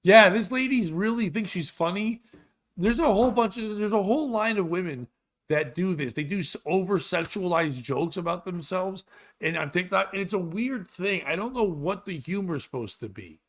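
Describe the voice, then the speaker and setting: A man hosting a comedy podcast, ranting in a loud, exasperated and profane way. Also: high-pitched, lively intonation, normal speed. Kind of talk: crude comedic rant.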